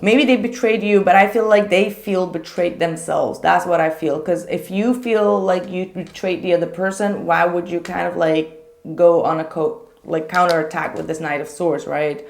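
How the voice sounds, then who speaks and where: A young woman giving a casual tarot reading to viewers, chatty and animated, with frequent filler words. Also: fairly low pitch, moderate pace, vocal fry. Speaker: tarot reader.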